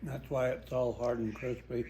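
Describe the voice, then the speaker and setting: A man's voice: medium pitch, level tone, normal speed, warm tone. Plain-spoken older man in a kitchen. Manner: plain-spoken, matter-of-fact, talks while eating. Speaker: husband at home. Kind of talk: casual kitchen chat. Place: home kitchen.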